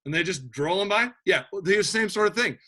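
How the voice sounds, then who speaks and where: A man teaching a history lesson to a class, animated and joking, with lots of restarts. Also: high voice, brisk. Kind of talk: classroom lecture.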